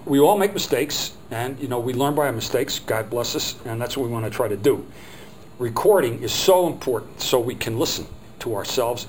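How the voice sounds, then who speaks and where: A man's voice: medium pitch, rough recording. Middle-aged man, mid-range voice, rambling workshop trainer, light hum behind. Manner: rambling, chatty, acts out quotes. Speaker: phone skills trainer. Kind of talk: workshop teaching.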